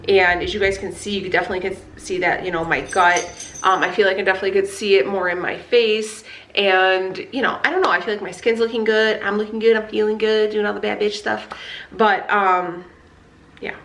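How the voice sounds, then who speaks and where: A woman's voice: medium pitch, fairly even intonation, a little fast, fairly bright tone, reverberant. A woman in her thirties chatting candidly as a vlogger, fired up, with lots of fillers and swearing. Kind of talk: casual chat.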